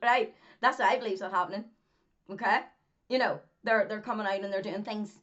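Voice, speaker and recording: A woman's voice: mid-range voice, fairly even intonation, a little fast, fairly bright tone. Emphatic Northern Irish woman, lo-fi sound. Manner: emphatic, repeats points, laughs often. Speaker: vlogger, former track athlete. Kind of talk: casual talking-to-camera monologue.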